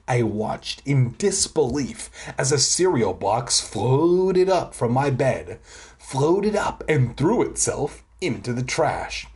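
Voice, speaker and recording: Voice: medium pitch, very animated, takes it slowly, darkish tone. A reader narrating a children's book aloud, adding sarcastic, profane asides. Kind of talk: audiobook reading with crude comic asides.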